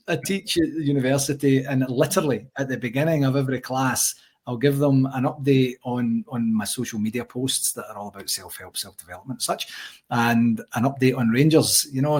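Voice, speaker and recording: A middle-aged Scottish man, chatty and animated as he tells stories in a casual interview. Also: medium pitch, moderate pace, breathy edge. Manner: chatty storyteller, animated anecdotes. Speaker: interview guest, supporters' association president.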